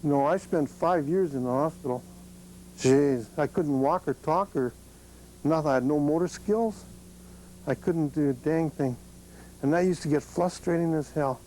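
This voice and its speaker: A man telling a group of students about his accident in an animated, salty way, laughing often. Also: fairly high pitch, moderate pace, slight background noise, poor audio. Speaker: accident survivor speaking to students. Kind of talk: personal story told to a group.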